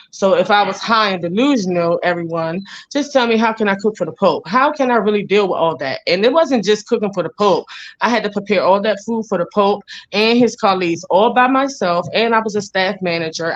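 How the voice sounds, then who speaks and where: A woman's voice: mid-range voice, lo-fi sound. A woman with a Jamaican accent telling her story as an interview guest, blunt, profane and rambling.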